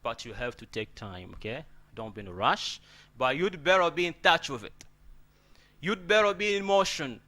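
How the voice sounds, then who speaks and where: A man's voice: on the high side, animated, normal speed, pushed and bright. Man teaching English word stress. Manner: repeats words and asks "okay?" often. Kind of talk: live English pronunciation lesson.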